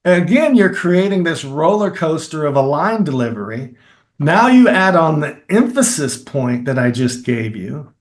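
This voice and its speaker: A middle-aged man with a Kentucky accent, a filmmaker and acting teacher, explaining his methods in a lively, demonstrative way as an interview guest. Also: a little high, moderate pace. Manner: animated, explains with demonstrations and repeated phrases. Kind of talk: conversational interview.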